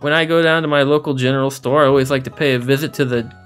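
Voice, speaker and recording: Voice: medium pitch, steady tone, very fast, a bit bright. Game streamer, casual commentary, jokey and rambling, laughs a lot, faint music behind.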